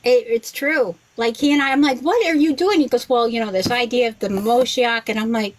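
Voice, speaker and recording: Woman, forties, rabbi, casual podcast guest, lively storyteller, voices her son in the quotes. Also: normal speed, hardly any pauses, poor audio. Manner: animated storyteller, quotes others with big pitch jumps.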